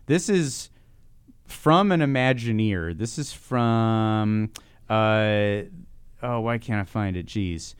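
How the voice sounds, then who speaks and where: A man co-hosting a podcast in casual chat, excitable and laughing often, tripping over his words. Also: on the low side, slow, smooth, no room sound. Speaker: podcast co-host.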